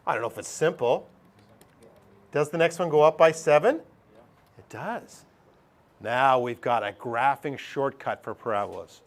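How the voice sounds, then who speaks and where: A middle-aged man with a mid-range voice teaches a math lesson over a screen recording. He's chatty, thinking aloud and posing questions to himself as he goes.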